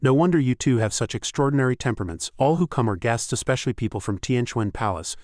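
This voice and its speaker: A man voicing a smooth-talking pavilion master who placates customers in a hearty way. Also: medium pitch, expressive, fast, darkish tone, no echo, studio quality, natural voice. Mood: placating.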